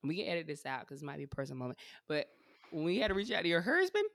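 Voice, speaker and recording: A woman's voice: low-pitched, very animated, racing, vocal fry, a bit bright, dry recording, studio quality. A woman co-hosting a casual chat with friends, blunt and profane, teasing with affection.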